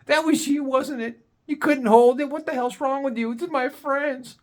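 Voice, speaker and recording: A man's voice: very high-pitched, fairly even intonation, moderate pace, pitched above the performer's own voice. A man voicing his date as an appalled, nagging woman who scolds him. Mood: scolding.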